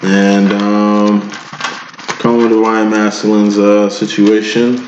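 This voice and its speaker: Deep-voiced man reading tarot, laid-back slang. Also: slow. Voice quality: self-described monotone. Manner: laid-back, slangy, chuckles between lines. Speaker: tarot reader. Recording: echoey room, dull lo-fi, loud background noise.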